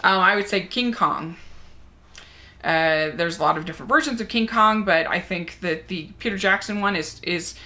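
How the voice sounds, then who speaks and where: A woman's voice: on the low side, moderate pace, bright, forceful tone. A young woman reviewing movies, chatting casually and enthusiastically as she answers a movie tag.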